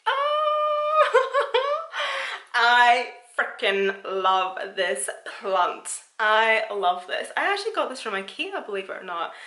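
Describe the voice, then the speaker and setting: Bright chatty woman, echoey room. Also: fairly high pitch, huge pitch swings, takes it slowly. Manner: chatty and self-mocking, laughs often. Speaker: vlogger. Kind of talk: casual plant tour vlog.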